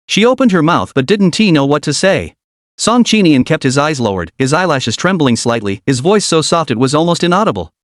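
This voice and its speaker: A man narrates a comic story recap in an even, steady reading. His voice sits a little high and the recording is dry and close. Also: brisk, dry recording.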